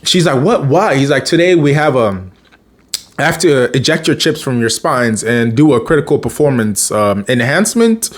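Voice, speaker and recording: Animated man casually recapping an episode. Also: medium pitch, moderate pace. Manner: rambling, chuckling, quotes characters loosely. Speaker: show recap vlogger.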